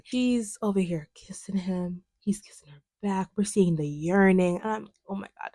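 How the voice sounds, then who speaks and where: A young woman talks through a film in a loose, animated chat, her voice sitting in an ordinary middle pitch. She leans on fillers and talks like she's catching up with a friend. The sound is dry and close, with no room around it. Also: moderate pace, hardly any pauses, no echo. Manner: animated, chatty, lots of fillers. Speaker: video essayist. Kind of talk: casual film commentary chat.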